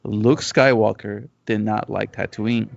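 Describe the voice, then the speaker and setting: A man co-hosting a podcast in casual chat, animated and swearing, acting out his reactions. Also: fairly low pitch, measured pace, creaky, no echo. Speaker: podcast co-host. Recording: dull lo-fi podcast recording.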